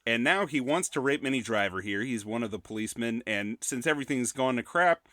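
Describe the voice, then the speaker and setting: A man's voice: mid-range voice, animated, brisk, fairly bright tone, no echo, studio quality. A man co-hosting a movie podcast, chatting casually and retelling film scenes in eager detail. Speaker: podcast co-host. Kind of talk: casual movie review chat.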